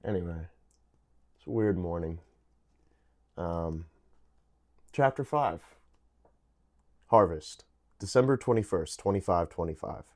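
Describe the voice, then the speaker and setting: A man's voice: deep voice, unhurried, long pauses, a little mellow. A man casually reading a science fiction novel aloud, stumbling now and then and correcting himself as he goes. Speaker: book reader.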